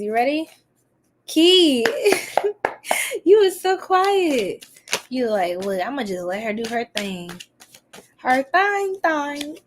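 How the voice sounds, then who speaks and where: Sassy, higher-voiced woman streaming tarot. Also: background noise. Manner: chatty and sassy, greets viewers in the chat; animated, exclaims often. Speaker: tarot reader hosting a live stream. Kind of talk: casual live-stream tarot reading.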